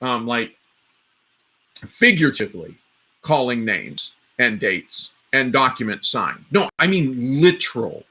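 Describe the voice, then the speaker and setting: A man's voice: mid-range voice, sing-song, slow, pushed and bright. A man hosting a live stream, giving casual political commentary in a rambling way, with frequent restarts and asides to his viewers. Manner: rambling, restarts often, talks straight to viewers.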